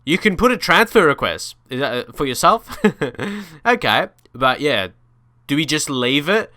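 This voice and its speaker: A man's voice: fairly high pitch, very animated, a little slow, sharp tone, no room sound, clean studio sound. A young man chatting casually over his football game, thinking aloud with restarts and small laughs. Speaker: gaming video creator. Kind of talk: casual let's-play commentary.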